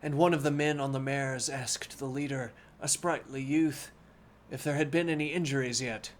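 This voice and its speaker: A man reading a classic novel aloud as a bedtime story on a live stream, unhurried and deliberate, with wry asides. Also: mid-range voice, fairly even intonation, a little hiss or hum.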